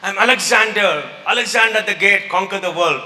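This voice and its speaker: A man's voice: high voice, a little fast, sharp tone. A man voicing a proud, demanding conqueror king as he tells a story to an audience. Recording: echoey hall.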